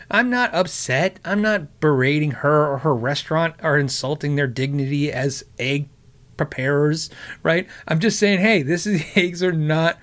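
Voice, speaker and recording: A man's voice: on the high side, a bit bright. A middle-aged man hosting a talk show, telling a long story in a rambling, sarcastic way, with many fillers and chuckles. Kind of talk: casual storytelling chat.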